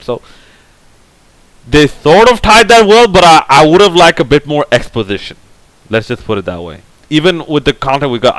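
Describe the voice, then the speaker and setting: A man's voice: lowish voice, fairly bright tone, smooth, dry recording, poor audio. A man giving a casual, opinionated movie review, rambling and full of fillers. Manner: rambling, heavy on fillers like "like, you know"; blunt, opinionated. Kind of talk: casual film review monologue.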